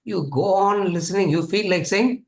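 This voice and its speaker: A man's voice: high-pitched, normal speed, creaky, echoey room. A man with a Tamil accent giving a conversational scripture lecture, repeating phrases and asking rhetorical questions. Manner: repetitive, rhetorical, conversational teaching. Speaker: Vedanta teacher.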